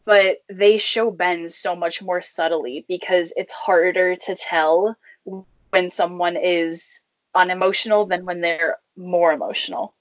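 A woman's voice: fairly low pitch, fairly even intonation, unhurried, no echo. Thoughtful young woman, dry lo-fi sound. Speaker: co-host discussing a movie. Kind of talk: casual chat.

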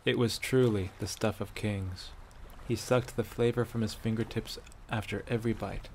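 A man narrating a fantasy fan-fiction story aloud in a steady, measured way. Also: on the low side, gravelly, slight background noise. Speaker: audiobook narrator.

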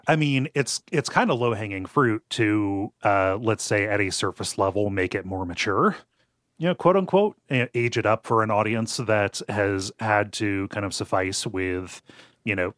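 Male podcast co-host, lowish voice, stammering repeats, dry close sound. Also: fairly bright tone, no room sound. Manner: halting, repeats words, laughs easily. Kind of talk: casual chat.

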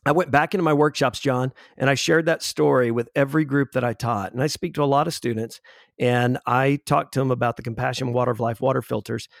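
A man in his forties, telling a personal story as an interview guest in an earnest, halting way with restarts. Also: medium pitch, fairly even intonation, gravelly, no echo, studio quality. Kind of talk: conversational storytelling.

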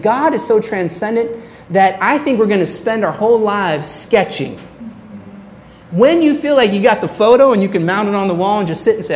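A woman pastor preaching a sermon in an earnest way, slowing down on her key phrases. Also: mid-range voice, lively intonation, darkish tone, slight background noise.

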